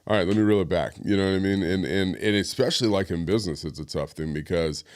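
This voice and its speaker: A man's voice: low-pitched, fast talker, darkish tone, clean tone. A man talking as a podcast guest in casual chat, agreeable and reflective. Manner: agreeable, reflective, many affirmations.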